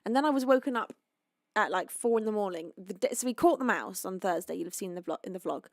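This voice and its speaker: Chatty, tired UK singer streaming live. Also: female voice, mid-range voice, no echo, studio quality. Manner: chatty, rambling, greets viewers warmly. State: tired and sleepy. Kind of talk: casual chat with live chat.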